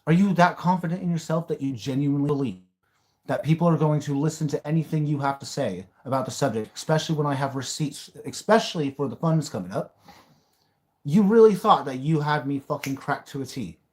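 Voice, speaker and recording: A man's voice: a little high, brisk, a little mellow. Blunt man hosting a livestream. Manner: blunt, rants and raves, swears. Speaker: livestream host. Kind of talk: live-stream reaction chat.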